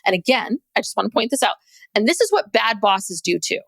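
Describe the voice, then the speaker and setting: A woman's voice: fairly high pitch, big pitch swings, brisk, vocal fry, a bit bright, no echo. A woman co-hosting a podcast in casual chat, blunt and swearing, acting out quotes in mocking voices. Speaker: podcast co-host. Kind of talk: casual chat recapping a reality show.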